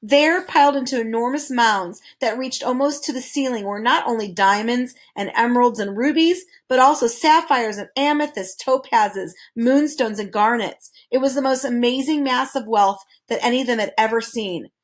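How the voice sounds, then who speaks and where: A woman's voice: fairly high pitch, normal speed, hardly any pauses. Woman reading a children's novel aloud. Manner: calm, expressive storytelling. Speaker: reader.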